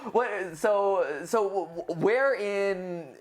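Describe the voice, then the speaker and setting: A man hosting a casual livestream chat, excitable, stumbling over his words and laughing often. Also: high-pitched, extremely slow. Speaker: host.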